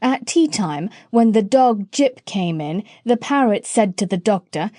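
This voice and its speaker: A woman narrating a classic children's storybook aloud in an expressive storytelling manner. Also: mid-range voice, a little slow, few pauses, no echo, clean studio sound. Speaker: audiobook narrator.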